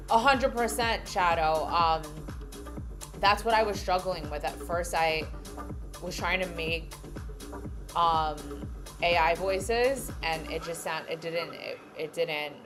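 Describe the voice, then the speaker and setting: A woman's voice: on the low side, slow, long pauses. A woman live-streaming in a casual, rambling way, laughing often and talking to her chat. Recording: music playing behind the voice.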